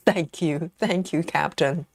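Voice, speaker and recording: A woman with a deep voice speaks slowly on a dry recording as she hosts a casual cross-stitching stream. Chatty and prone to giggles, she snacks on chocolate while reading viewer comments out loud.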